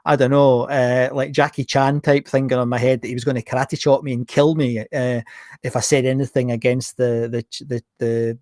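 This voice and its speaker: Man, middle-aged, podcast host, casual storytelling, medium pitch, dry room. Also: no echo. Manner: animated, acts out dialogue in anecdotes.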